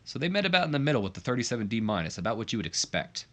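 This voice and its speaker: A man's voice: medium pitch, big pitch swings, rapid-fire. A man hosting a let's play, narrating in a casual, rambling way with lots of fillers. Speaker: gaming channel host.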